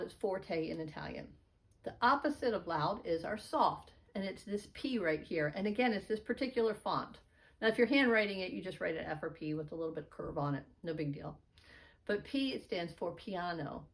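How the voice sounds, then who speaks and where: A middle-aged woman gives a beginner piano lesson in a slightly low voice. She explains each symbol patiently and encouragingly, and counts the beats aloud in a sing-song way. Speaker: piano teacher.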